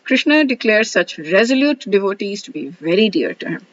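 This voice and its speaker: A woman's voice: medium pitch, big pitch swings, normal speed, muffled recording, slight background noise. A woman hosting a daily scripture study, commenting on verses in a chatty way, reading quotes aloud and using many fillers. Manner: chatty, reads quotes, frequent fillers and laughs.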